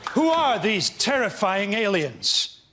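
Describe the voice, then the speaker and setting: A man, a comedian on a panel show, firing off deadpan one-liners. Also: sits high, slow, over a noisy crowd, very noisy. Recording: studio audience laughter.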